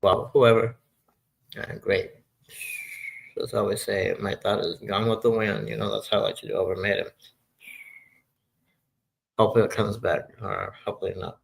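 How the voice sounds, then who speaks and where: A gravelly, fairly low-pitched man in his sixties, hosting a casual live chat. He speaks in a flat, even tone and rambles, often losing his train of thought. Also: moderate pace, long pauses, low-quality recording. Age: 60s. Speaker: livestream host.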